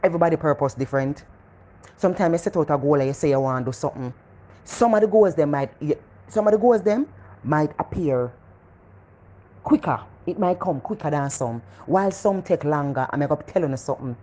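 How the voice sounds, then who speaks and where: Jamaican woman, middle-aged, low mellow voice, animated motivational talk, repeats herself for emphasis. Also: a little fast. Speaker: motivational vlogger.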